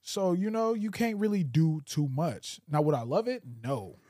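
A young man co-hosting a podcast, chatting loosely and profanely and telling animated stories. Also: on the high side, moderate pace, no echo, studio quality. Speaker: podcast co-host. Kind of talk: casual chat.

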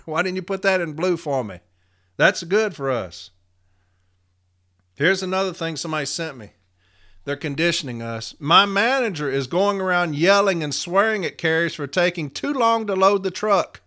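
A man's voice: on the high side, bright, forceful tone. A middle-aged man, a union shop steward, reading workplace data aloud and ranting bluntly with heated, swearing emphasis. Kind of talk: podcast rant, reading and commenting.

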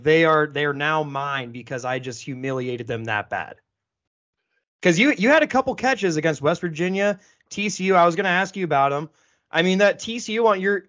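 A man's voice: on the high side, fairly bright tone. A man hosting a casual interview, an ex-football player who asks long, eager, rambling questions. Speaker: podcast host, former football player. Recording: dull lo-fi sound.

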